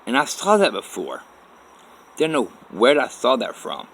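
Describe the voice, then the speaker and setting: A man's voice: mid-range voice, huge pitch swings, unhurried, fairly bright tone, low-quality recording. A man telling a personal story in a rambling, profane way, full of restarts. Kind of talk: personal story told to camera.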